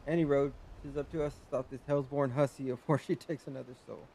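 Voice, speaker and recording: Man putting on a gruff old sailor. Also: medium pitch, steady tone, fast talker, warm tone, a little hiss or hum, close to an everyday voice, poor audio. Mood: grumbling. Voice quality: rough seafaring dialect. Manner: dramatic storytelling. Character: grizzled old male sailor, gruff and superstitious.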